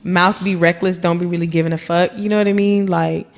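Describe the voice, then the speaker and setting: A woman's voice: on the low side, level tone, fairly quick, creaky. A young woman from Texas, a podcast guest telling stories in a brash, profane, laughing way. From Texas, USA. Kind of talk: casual chat.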